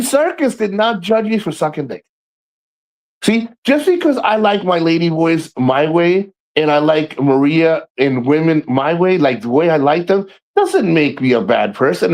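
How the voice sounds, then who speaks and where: A man hosting a casual livestream, talking to viewers by name and ranting in a profane, animated way with frequent laughs. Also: on the high side. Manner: laughs often and repeats himself. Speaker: livestream host.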